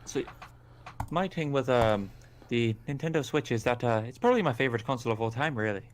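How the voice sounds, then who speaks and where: A man's voice: mid-range voice, lively intonation, fairly quick, slight background noise. A man co-hosting a casual gaming chat, teasing and joking. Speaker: podcast co-host.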